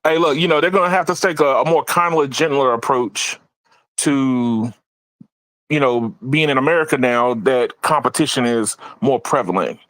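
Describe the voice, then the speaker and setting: A man hosting a casual tech podcast, animated, laughing often and repeating words as he talks. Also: mid-range voice, normal speed, no room sound, rough recording. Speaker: podcast host.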